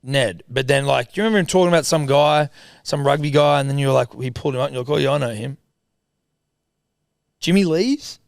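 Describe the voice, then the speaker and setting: A gravelly-voiced Australian man in his thirties chats on a sports podcast. He tells stories with animated, mocking asides and plenty of swearing. The sound is dry and close. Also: mid-range voice, fast, long pauses, no room sound. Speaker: podcast co-host. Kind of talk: casual chat.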